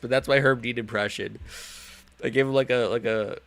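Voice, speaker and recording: A man hosting a casual live stream of fight reactions. He rambles and jokes in loose slang, at a medium pitch that sits right in the middle of a man's range. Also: fairly quick, a bit bright.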